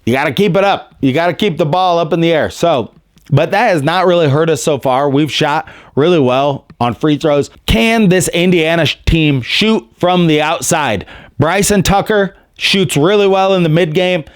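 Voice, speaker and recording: Candid, rambling male podcast host; smooth, slightly high voice, dry close sound. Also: moderate pace, dry recording. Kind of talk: casual opinionated chat.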